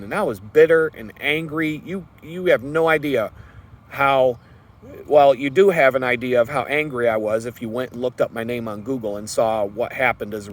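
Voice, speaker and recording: A man vlogging a personal story in an earnest, rambling way, with fillers and restarts. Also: mid-range voice.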